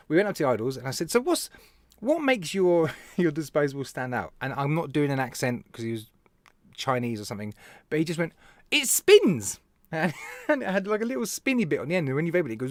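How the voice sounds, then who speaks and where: A British man chats casually to his live-stream viewers, his voice sitting a little high and swinging up and down as he tells his stories. He laughs often and calls out to people by name. The sound is dry, with no room echo. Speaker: live show host, vape reviewer.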